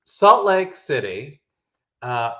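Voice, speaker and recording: A man co-hosting a podcast in casual chat, telling stories with animated emphasis and frequent restarts. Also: mid-range voice, extremely slow. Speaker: podcast co-host. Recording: echoey room, dull lo-fi sound.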